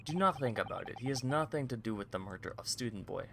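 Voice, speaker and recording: A man voicing a gruff, hostile male sailor guard who speaks broken English with a put-on Russian accent, blunt and contemptuous. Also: on the low side, noisy background, natural voice. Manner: blunt, contemptuous, slow and heavy.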